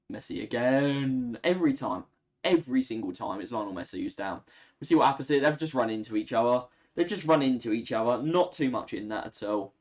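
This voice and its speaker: A man's voice: mid-range voice, a little mellow, highs cut off. A tired young man, chatting through live football commentary on a stream and talking to his chat. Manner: chatty, reacts to play, talks to chat. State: tired, yawning. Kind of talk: live watch-along commentary.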